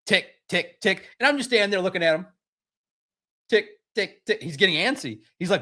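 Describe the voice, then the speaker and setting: Brief: man with a high voice, sports podcast host, lively and joking. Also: fairly quick. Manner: animated, mocking impressions of others. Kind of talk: casual sports talk.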